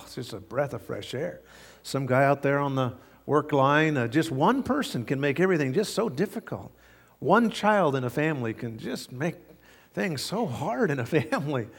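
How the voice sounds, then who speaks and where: A man's voice: medium pitch, long reverb tail. A man pastor preaching a sermon, telling stories in a folksy way with frequent fillers.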